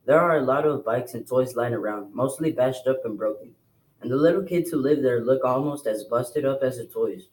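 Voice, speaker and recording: A man reading a novel aloud to a class in a plain, steady storytelling voice. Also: mid-range voice, normal speed, poor audio. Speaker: reader.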